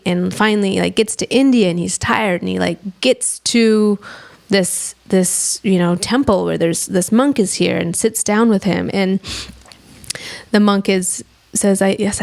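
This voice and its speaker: A woman co-hosting a podcast in casual reflective chat, earnestly telling a story and sometimes dropping into soft whispers. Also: medium pitch, gravelly. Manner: earnest storyteller, acts out quoted voices, drops to soft whispers. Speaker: podcast co-host.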